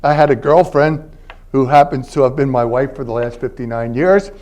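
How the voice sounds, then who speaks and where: A man's voice: medium pitch, normal speed, darkish tone. Older man giving a chatty lecture. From Philadelphia. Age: 80s. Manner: conversational storytelling, frequent "all right?" check-ins. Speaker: guest lecturer, linguist. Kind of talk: university lecture. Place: university library event space.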